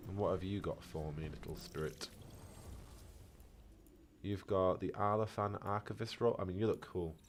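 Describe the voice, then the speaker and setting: A man's voice: sits low, fairly even intonation, normal speed, pauses often. A man streaming a video game, chatting casually, reacting to gameplay and reading out chat questions. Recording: faint background noise.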